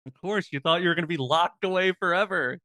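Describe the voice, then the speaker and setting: A man's voice: high-pitched, fast, pushed and bright, no room sound. A man co-hosting a podcast, chatting casually with playful reactions and jokes. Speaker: podcast co-host. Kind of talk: casual chat.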